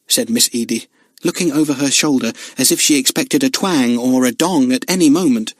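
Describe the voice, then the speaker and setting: A man's voice: medium pitch, expressive, moderate pace, fairly bright tone, husky, no echo. Man narrating a children's story expressively. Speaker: audiobook narrator. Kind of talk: scripted narration of a children's book.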